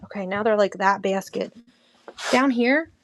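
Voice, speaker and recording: A woman hosting a casual live-selling stream, chatty and quick to laugh while she talks about items. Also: medium pitch, slight background noise. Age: adult, mother of a teen. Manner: giggly, chatty, laughs often.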